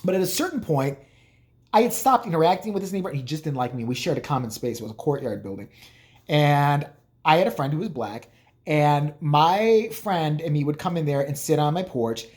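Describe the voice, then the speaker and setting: A man's voice: a little high, expressive, a little fast, a little mellow. Profane, joking man telling stories. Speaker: vlogger. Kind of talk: casual storytelling.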